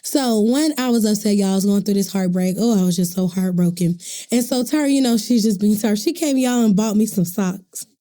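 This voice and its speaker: A woman's voice: medium pitch, a little fast. A woman co-hosting a casual podcast chat, telling personal stories with feeling, talking straight to listeners as y'all and adding faith-filled asides. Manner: animated storyteller addressing listeners as y'all. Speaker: podcast co-host.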